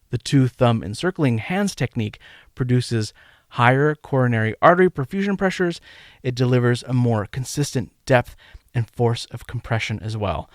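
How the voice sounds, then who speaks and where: A man hosts a medical teaching podcast, delivering a scripted lecture in a measured, emphatic way and counting rhythms out loud. His mid-range voice is creaky, and the studio recording is clean with no room sound.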